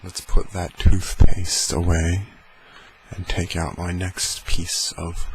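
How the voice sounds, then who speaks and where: Man, very deep voice, unhurried soft-spoken ASMR, low-quality recording with heater fan hum. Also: monotone. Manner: slow deep soft-spoken, playful and rambling. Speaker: ASMR creator. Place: home room with heater fan running.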